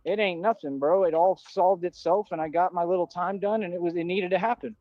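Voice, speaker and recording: A man's voice: high voice, steady tone, a little fast, no echo, lo-fi sound. A man delivering a defiant, repetitive livestream rant in casual street slang. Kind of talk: ranting livestream monologue.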